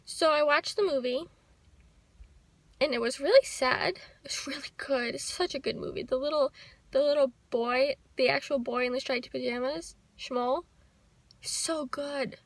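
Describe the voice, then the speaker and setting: A young woman talking to the camera in a personal vlog, soft, heartfelt and reflective. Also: high-pitched, steady tone, moderate pace, no room sound. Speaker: vlogger. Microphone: handheld camera.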